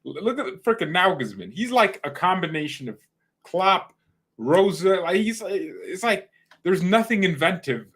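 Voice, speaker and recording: A man's voice: high voice, very animated, unhurried, a bit bright, husky. Young dude rambling about football on his channel, lots of slang, jumps around. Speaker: fan channel host. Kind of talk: casual football reaction chat.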